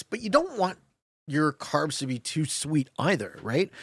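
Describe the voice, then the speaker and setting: A man's voice: fairly high pitch, fairly bright tone, no echo. A young man streaming a strategy game, chatting casually, joking and laughing often as he answers chat. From Canada.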